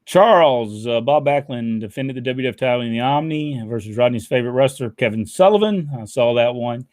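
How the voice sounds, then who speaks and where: A man's voice: mid-range voice, expressive, a little fast, darkish tone, no room sound. A man co-hosting a casual podcast, talking in a rambling, folksy way and laughing often. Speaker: podcast co-host. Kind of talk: casual chat.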